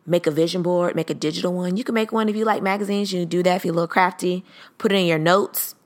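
A woman's voice: on the low side, fairly even intonation, quick pace. A woman in her thirties hosting a podcast, talking casually and reflectively, sometimes acting out her own inner voice. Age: 30s. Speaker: podcast host. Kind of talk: casual solo podcast talk.

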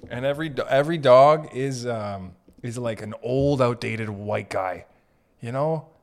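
A man's voice: mid-range voice, measured pace, creaky. A man hosting a comedy podcast, rambling through jokes in a giggly, profane way as he jumps from one bit to the next. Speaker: podcast host.

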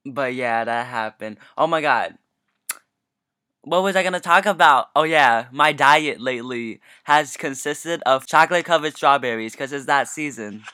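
Bright-voiced young guy, playful chatter. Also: medium pitch, moderate pace, no room sound, clean studio sound. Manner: playful, jokey storytelling. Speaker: podcast co-host. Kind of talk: casual chat.

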